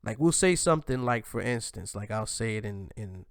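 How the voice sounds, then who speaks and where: A man hosting his own show, talking in a loose, animated monologue that often ends lines with "man" and restarts mid-sentence. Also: on the low side, normal speed, no room sound, studio quality. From United States. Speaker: host. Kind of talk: casual commentary monologue.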